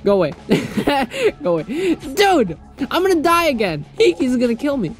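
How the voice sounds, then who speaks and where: A young man giving casual gameplay commentary, excitable, yelping, laughing often and swearing freely. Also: very high voice, normal speed, soft background music. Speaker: gaming channel host.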